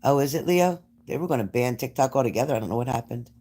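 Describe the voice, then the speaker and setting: A man's voice: medium pitch, animated, quick pace, warm tone. Chatty New man on a livestream. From New Jersey. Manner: chatty, reads out and answers viewer comments. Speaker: livestream host. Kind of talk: casual livestream chat with viewers.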